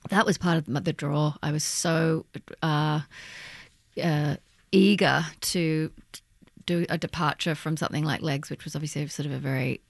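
A woman's voice: low voice, fairly even intonation, creaky, no echo, studio quality. An actress, chatting in an interview and searching for her words as she talks. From Australia. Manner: warm, halting, searching for words. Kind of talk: casual interview chat.

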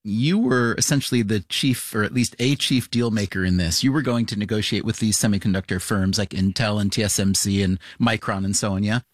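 A man's voice: fairly low pitch, steady tone, no room sound. Curious male interviewer, dry sound. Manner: measured, curious questioning. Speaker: interviewer, host. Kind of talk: interview questions.

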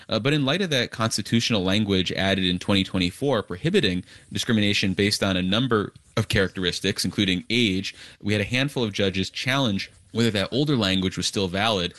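Dry-sounding lower-voiced radio host. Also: male voice, a bit bright, no room sound. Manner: measured, with fillers while framing long questions. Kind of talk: public radio interview.

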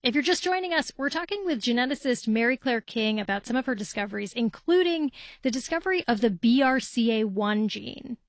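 Calm woman public radio host. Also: fairly high pitch, fairly quick, dry recording, clean studio sound.

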